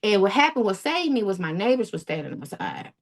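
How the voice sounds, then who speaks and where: A woman's voice: medium pitch, sing-song, a little fast. A woman, a guest recounting a painful personal story in a rambling, repetitive way. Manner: rambling, repeats herself, acts out quoted speech. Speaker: interview guest. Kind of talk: emotional personal account.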